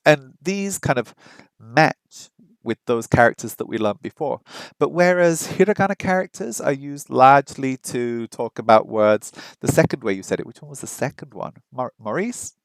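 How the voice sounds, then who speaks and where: A man's voice: medium pitch, normal speed, no room sound, rough recording. A man hosting a casual live stream, rambling and chatting with viewers, with frequent ums and restarts. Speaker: live-stream host learning a language.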